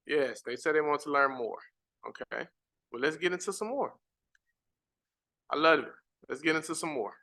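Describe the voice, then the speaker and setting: A man with a bright, somewhat high voice teaches a live-stream lesson. He reads his slides aloud, chats casually with viewers and repeats the important points with emphasis. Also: normal speed, pauses often. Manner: casual, chatty asides to the audience. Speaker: credit repair educator.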